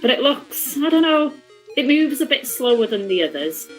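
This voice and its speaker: A woman's voice: high voice, big pitch swings, moderate pace, faint music behind. A woman guesting on a game live stream, chatting bluntly and swearing casually.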